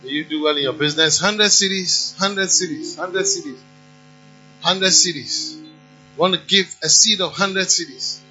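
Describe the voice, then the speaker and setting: Male pastor, high voice, sermon and offering appeal, dull lo-fi church recording. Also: a little slow, pushed and bright, faint music behind. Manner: exhorting, repeats amounts in a chanting call.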